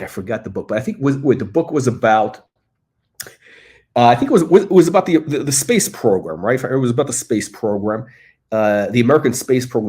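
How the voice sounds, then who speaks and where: A man's voice: medium pitch, darkish tone. Rambling, casual male livestream host. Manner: rambling, with many fillers and restarts.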